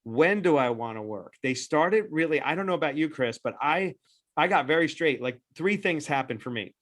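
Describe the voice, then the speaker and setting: In a webinar, a man presenting as a dental practice-growth consultant gives an animated, persuasive sales-style pitch. He talks in quick bursts with frequent restarts.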